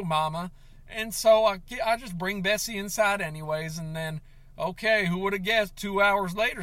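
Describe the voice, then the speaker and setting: Guy on the verge of tears venting to his viewers, high sharp voice, yells and sobs a lot. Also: dry recording. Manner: overwrought, sobbing and shouting in bursts. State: tearful, on the verge of crying. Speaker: comedic vlogger. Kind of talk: comedic confessional vlog.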